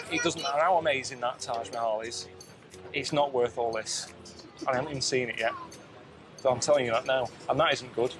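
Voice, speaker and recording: A man giving deadpan, complaining travel commentary, sounding weary and self-deprecating. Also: mid-range voice, rough recording. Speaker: travel show subject.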